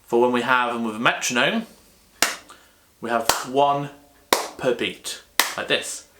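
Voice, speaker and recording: A man teaching drum rhythms in a patient, unhurried way, repeating words to show each beat. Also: medium pitch, very noisy. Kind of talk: relaxed music lesson.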